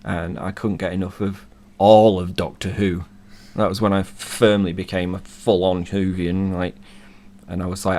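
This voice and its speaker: A man in his thirties, hoarse from being ill, chatting casually and rambling enthusiastically as a co-host. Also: low-pitched, level tone, moderate pace, dark tone. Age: 30s. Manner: rambling, enthusiastic fan talk. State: hoarse from illness. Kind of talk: casual chat.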